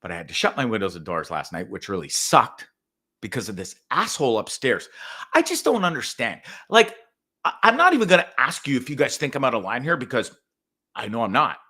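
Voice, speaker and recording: Animated, profane man ranting. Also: medium pitch, a little fast. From Canada. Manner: profane, animated storytelling with loud outbursts. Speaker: podcast host. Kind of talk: casual ranting monologue.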